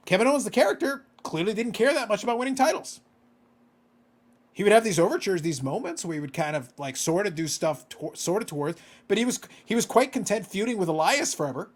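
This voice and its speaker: A man's voice: high-pitched, sing-song, fairly quick. A man co-hosting a casual podcast, ranting with exasperation and swearing freely. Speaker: podcast co-host.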